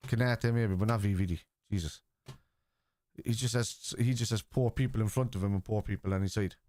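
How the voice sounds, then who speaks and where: A man's voice: on the low side, brisk, mellow. A man, chatting live on a football stream, blunt and argumentative with viewers. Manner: blunt and argumentative, swears freely. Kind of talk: casual live-stream chat, answering viewers.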